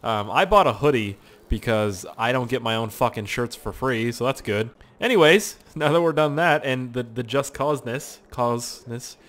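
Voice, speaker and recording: A man's voice: medium pitch, animated, moderate pace. A young man rambling through casual gameplay commentary, swearing often and yelping at the game. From Canada. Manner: rambling, swears a lot, yelps and shouts at the game. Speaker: gaming YouTuber.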